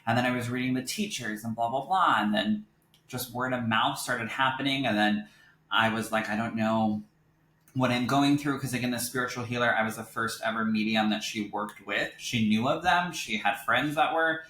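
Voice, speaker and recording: A young man, a psychic medium, telling his story in a casual interview and acting out what others said in lively voices, laughing easily. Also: mid-range voice, normal speed. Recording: echoey room with faint noise.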